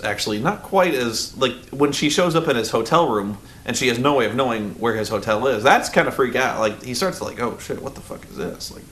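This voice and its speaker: A man's voice: medium pitch, fairly bright tone. A man giving a casual spoken movie review, rambling loosely with lots of "like" and swearing. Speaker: film reviewer.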